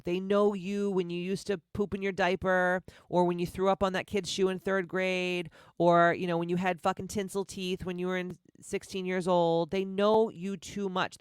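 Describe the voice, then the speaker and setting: A woman hosting a motivational podcast, talking bluntly and emphatically, swearing freely and slowing down to stress her key words. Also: mid-range voice, no room sound, clean studio sound. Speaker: podcast host.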